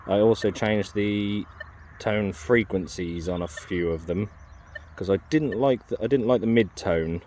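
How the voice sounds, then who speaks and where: In an open farm field, a man with a lowish, darkish voice speaks a little slowly while setting up and using a metal detector. His casual chatter wanders, with frequent ums, restarts and self-corrections, and a little hiss or hum sits underneath.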